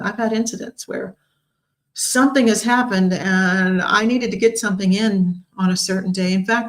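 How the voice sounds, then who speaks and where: A woman in her sixties, hosting a talk show and telling personal stories in an earnest, expressive way. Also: mid-range voice, rough recording. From United States. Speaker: host.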